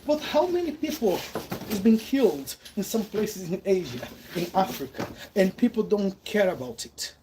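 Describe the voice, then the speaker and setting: A man's voice: high voice, very animated, moderate pace. A man from Brazil with a Brazilian Portuguese accent, giving an emphatic opinion monologue full of rhetorical questions. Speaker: vlogger. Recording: loud background noise with clicks.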